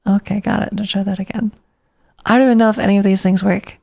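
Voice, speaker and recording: A woman's voice: mid-range voice, fairly even intonation, fast talker, gravelly, a little mellow. A woman streamer chatting casually, rambling and thinking aloud to herself.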